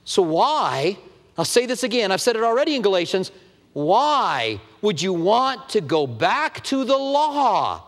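A man's voice: very high-pitched, long reverb tail. A man preaching a sermon as pastor, telling stories animatedly and acting out the dialogue. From Tucson, Arizona. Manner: animated storytelling, acts out dialogue.

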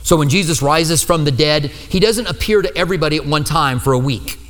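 A male pastor preaching a sermon, telling the story lively and acting out the quoted lines with humor. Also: fairly high pitch, fairly quick, in a large hall.

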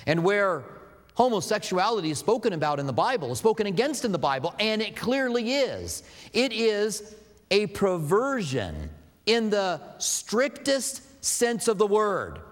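A pastor preaching a sermon in a loose, conversational way, with asides and filler words. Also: male voice, high-pitched, big pitch swings, unhurried, in a large hall.

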